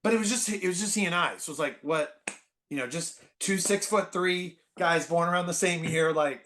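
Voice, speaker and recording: A man in his forties, a podcast guest, telling stories in casual conversation, animated and full of fillers and restarts. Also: on the high side, moderate pace. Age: 40s.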